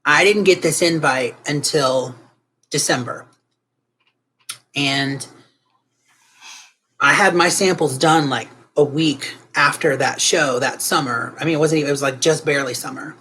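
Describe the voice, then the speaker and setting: A woman guest artist in an interview, telling her story in an animated, emotional way with frequent restarts. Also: sits low, measured pace, long pauses, a little hiss or hum.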